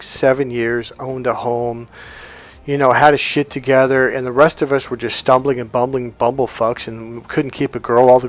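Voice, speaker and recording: A man giving blunt dating advice, swearing freely and telling stories in which he acts out what other people said. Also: mid-range voice. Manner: profane, blunt, storytelling with acted quotes. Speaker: dating coach. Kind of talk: unscripted coaching talk.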